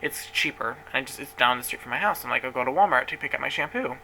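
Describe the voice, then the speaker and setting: Young man, chatty gossip storyteller, very bright sharp tone, slight background noise. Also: mid-range voice, lively intonation, quick pace, creaky, low-quality recording. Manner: chatty, dramatic, swears freely. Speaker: vlogger. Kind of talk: casual storytelling to camera.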